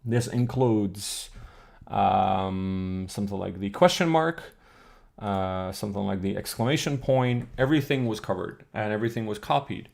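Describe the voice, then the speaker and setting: On a live-streamed lesson about an old alphabet book, a man speaks at normal speed in a fairly low, creaky, slightly mellow voice. He picks up questions from chat and answers them, reasoning aloud and correcting himself mid-sentence.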